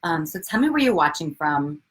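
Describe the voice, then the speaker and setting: A woman in her forties hosting a casual live video chat, bubbly and excitable, swearing freely and greeting viewers by name. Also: sits low, moderate pace. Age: 40s. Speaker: livestream host, coach.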